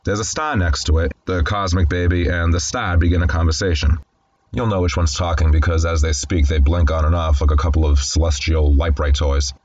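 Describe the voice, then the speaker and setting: A man's voice: low-pitched, fairly even intonation, fairly quick, darkish tone, highs cut off, slight background noise. A man hosting film commentary, describing scenes and reading the dialogue aloud in a wry, conversational way. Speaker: host.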